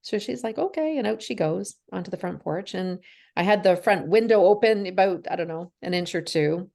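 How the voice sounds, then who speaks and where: A Canadian interview guest in her forties recounts a personal story openly, acting out what was said and laughing through the tough moments. She has a low, gravelly voice that is a little mellow, delivered at normal speed.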